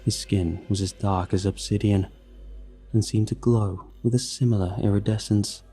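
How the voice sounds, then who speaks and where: A man reading a horror story aloud in a measured, grim way. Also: on the low side, steady tone, warm tone. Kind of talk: scripted horror narration. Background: faint music.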